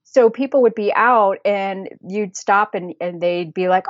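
A woman's voice: medium pitch, steady tone, moderate pace, few pauses, no room sound, dull audio. An American woman telling travel stories as a guest. She talks chattily, laughs often and fills her sentences with fillers and restarts. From United States. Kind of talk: casual conversational storytelling.

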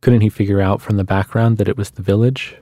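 A man reading the lines of a wry, restless adult woman in a short story, in a quiet, musing manner. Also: lowish voice, steady tone, fast, no echo, close to an everyday voice.

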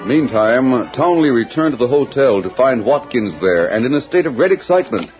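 A man giving measured, scripted narration for a 1940s radio drama broadcast. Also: mid-range voice, animated, dull audio, over music. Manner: measured storytelling.

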